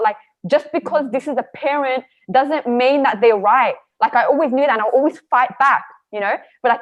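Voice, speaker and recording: A woman guest speaking earnestly about her own experiences, often pausing to search for words, heard over a video call. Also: sits high, lo-fi sound. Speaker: panel guest. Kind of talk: reflective personal sharing.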